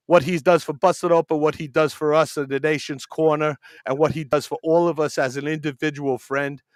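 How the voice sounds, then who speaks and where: A man co-hosts a wrestling podcast in casual chat. He jokes and swears freely, in a voice that is bright and tense. The sound is dry and close to the mic. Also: on the high side, no room sound, rough recording. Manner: profane, joking banter. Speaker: podcast co-host.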